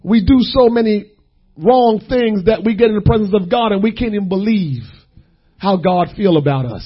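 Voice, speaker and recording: A man preaching a sermon, dropping to a hush and then rising to shouts, repeating phrases for weight. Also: high voice, normal speed, slightly rough, dull audio. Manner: swings between hushed and shouting, repeats phrases.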